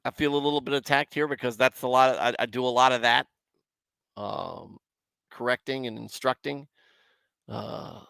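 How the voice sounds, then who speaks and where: Gravelly-voiced man, casual livestream Bible commentary, rambling and self-mocking, dry close sound. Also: mid-range voice, fairly even intonation, moderate pace, pauses often, a bit bright, no room sound. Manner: rambling, self-deprecating, chats with viewers.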